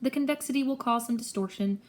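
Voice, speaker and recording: A brisk, clever teenage girl, voiced by a woman reading aloud gives orders with urgency. Her voice sits higher than the reader's own. She sounds precise and bossy. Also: lightly acted. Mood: urgent.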